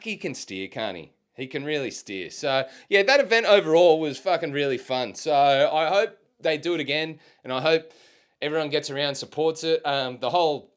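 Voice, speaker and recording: Young Australian man, solo podcast host, relaxed slangy delivery with frequent swearing, clean resonant voice. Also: fairly high pitch, normal speed, clear, resonant tone. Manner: laid-back, swears freely, lots of ums and slang. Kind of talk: casual rambling chat.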